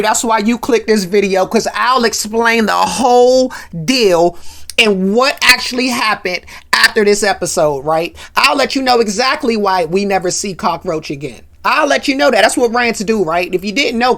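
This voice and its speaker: A chatty woman host giving a casual commentary recap, her pitch swinging up and down with lively energy. She keeps checking in with the listener by tacking "right?" onto her sentences. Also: gravelly.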